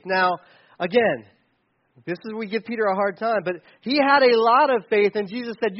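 A man with a fairly high voice preaches in a loose, conversational style, slipping into playful asides along the way. The recording sounds a little dull and lo-fi. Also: moderate pace. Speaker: pastor. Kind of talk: sermon.

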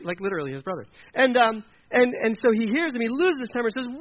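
A man's voice: very high voice, sing-song, fast, few pauses, lo-fi sound. A male preacher from Delaware giving a conversational sermon, acting out quoted characters as he goes.

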